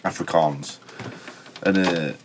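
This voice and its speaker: A man telling a story in casual chat, animated and broad in dialect. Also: low voice, slow, background noise. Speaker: band member telling a story.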